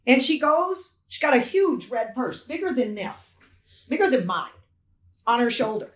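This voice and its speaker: An older woman gives an emphatic, indignant first-hand account as a poll challenger, retelling what happened as dialogue. Her voice is on the high side with big pitch swings, and she speaks unhurriedly in an echoey room.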